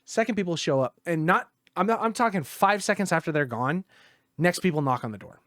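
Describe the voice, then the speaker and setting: A man co-hosting a podcast, telling a story in a casual, profane, animated way and acting out what others said. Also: fairly high pitch, a little fast, no room sound, studio quality. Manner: profane, animated, acts out quotes. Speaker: podcast co-host. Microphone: podcast mic.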